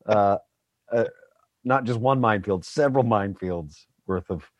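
A middle-aged man with a low voice talks loosely about his acting work, rambling and self-deprecating. The sound is dry and close, with no room around it. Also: moderate pace, dry recording, muffled recording. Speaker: voice actor guest. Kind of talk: casual podcast chat.

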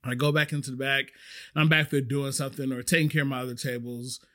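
A man's voice: mid-range voice, fast talker. A man hosting a podcast, telling stories casually and acting out the people in them. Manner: animated, acts out the voices of people in his stories. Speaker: podcast host. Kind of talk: casual storytelling.

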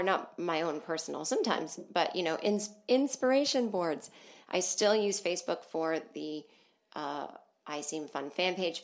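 A woman hosting her comedy podcast, rambling and self-deprecating, swearing freely from a small soundproof booth. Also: lowish voice. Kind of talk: casual comedic monologue.

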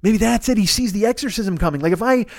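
A man's voice: high voice, fast talker, no echo. A man hosting a podcast, rambling through a profane, self-deprecating comedic monologue in a studio. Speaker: podcast host.

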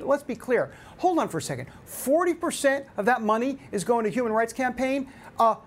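Animated, exasperated male talk host. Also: sits high. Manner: animated, exasperated, with many fillers and restarts. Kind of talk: opinionated news commentary.

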